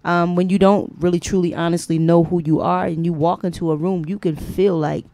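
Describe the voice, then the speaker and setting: A woman's voice: on the low side, steady tone, warm tone, dry recording. Woman, radio host, casual slangy chat, dry booth sound. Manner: loose, slangy, drawn-out delivery.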